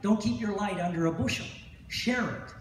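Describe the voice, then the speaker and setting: Middle-aged male speaker with a high voice, motivational convention talk, storytelling, heard from far off in an echoey hall. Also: normal speed, a little hiss or hum. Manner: storytelling, repeats phrases, asks "right?". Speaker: hypnosis instructor.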